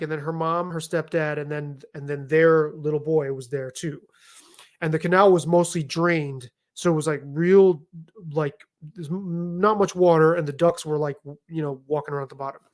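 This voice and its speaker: A middle-aged man telling stories in a casual chat, animated, emphatic and liberal with swearing. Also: on the high side, moderate pace. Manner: animated, profane, emphatic storytelling. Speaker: podcast guest.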